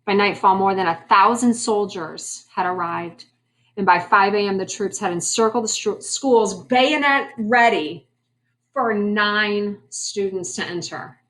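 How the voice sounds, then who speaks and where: With a mid-range, fairly bright voice and a slightly slow pace, the history teacher keeps her lecture conversational. She puts questions to her class and tosses in wry remarks.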